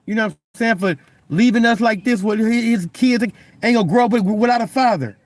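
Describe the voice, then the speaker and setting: Young guy w a high voice casually preaching to the camera, stammers a lot, keeps repeating himself. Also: brisk, no echo. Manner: stammers and repeats words while pressing a point; loose, conversational, keeps asking "you know what I'm saying". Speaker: Christian vlogger.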